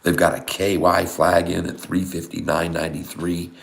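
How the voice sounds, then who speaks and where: A middle-aged man giving excited, folksy live commentary on trading charts, full of exclamations and constant asides to his viewers. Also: low voice, moderate pace, creaky. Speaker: day-trading streamer.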